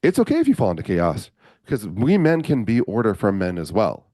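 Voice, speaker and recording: Fast, animated male storyteller. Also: lowish voice, no echo, clean studio sound. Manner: animated storyteller, acts out quotes. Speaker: podcast guest, men's coach. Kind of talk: storytelling interview.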